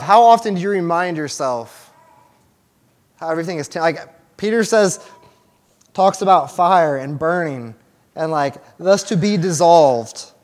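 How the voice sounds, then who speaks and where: A young man giving a casual, conversational sermon to a small church group, with restarts and fillers as he talks to the room. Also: on the high side. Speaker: church teacher.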